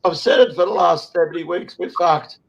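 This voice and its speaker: A high-voiced Australian man in his sixties talks in an impassioned online chat. He is emotional, swears hard and rambles, restarting his sentences as he goes. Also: a little fast, vocal fry, poor audio. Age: 60s. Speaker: show host.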